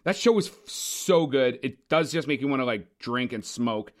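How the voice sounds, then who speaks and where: A man co-hosting a casual movie podcast, talking in an animated, opinionated way with frequent swearing. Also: mid-range voice, normal speed. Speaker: podcast co-host. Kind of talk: casual movie review chat.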